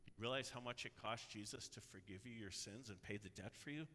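A man preaching a sermon as pastor, earnest and building to loud, emphatic cries. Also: lowish voice, fairly quick, slight background noise. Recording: long hall reverb.

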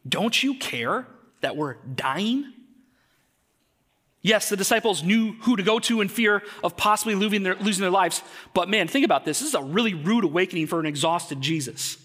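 A man's voice: sits high, fast talker, fairly bright tone. A man in his thirties preaching a sermon to a congregation in a conversational way, often asking them questions. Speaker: pastor. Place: church.

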